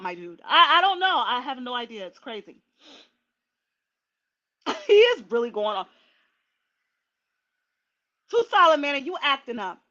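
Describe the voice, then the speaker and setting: A woman hosting a casual livestream, chatty and animated, talking straight to her viewers. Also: high voice, unhurried, long pauses, muffled recording. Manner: chatty, animated, laughing asides. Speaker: livestream host.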